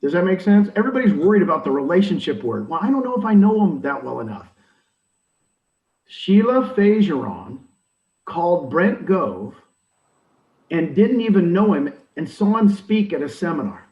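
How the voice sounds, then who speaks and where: An older man coaching in an emphatic, animated way, acting out the people he quotes. His voice sits fairly high and swings widely in pitch. He sounds far from the mic in an echoey room, with dull audio. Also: normal speed. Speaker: real estate recruiting leader. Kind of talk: energetic coaching talk. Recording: roomy, distant, dull audio.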